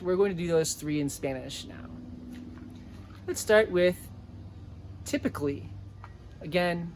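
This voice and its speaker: A man teaching a language lesson, repeating each word slowly and clearly so listeners can type it. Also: high voice, slight background noise. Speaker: Spanish teacher. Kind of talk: slow dictation-style language lesson.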